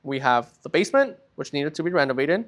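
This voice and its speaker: A man with a fairly high-pitched voice teaching a recorded language lesson. He explains patiently step by step, often slowing down to stretch out key words and checking that his students follow along. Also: big pitch swings, a bit bright. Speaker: Spanish teacher.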